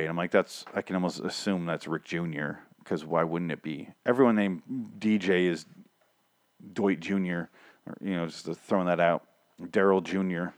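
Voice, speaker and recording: A lower-pitched man talks alone into a podcast mic, rambling and swearing as he jokes through a recap. His voice is strained and a bit shaky from recent overuse. The sound is dry and close, with almost no room around it. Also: dry recording. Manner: profane, rambling, jokey. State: strained, recovering voice. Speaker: podcast host. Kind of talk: casual solo show recap.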